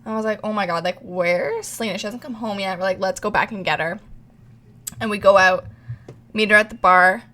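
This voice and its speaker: Bright-voiced young woman telling a wild story. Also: mid-range voice, fairly quick. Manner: animated, swears a lot, acts out quotes. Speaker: podcast co-host. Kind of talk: casual storytelling chat.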